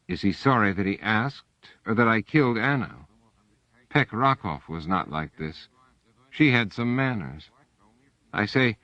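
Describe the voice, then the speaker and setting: A man narrating an audiobook in the first person with measured, even storytelling. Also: fairly low pitch, no room sound. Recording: dull, dry audiobook recording.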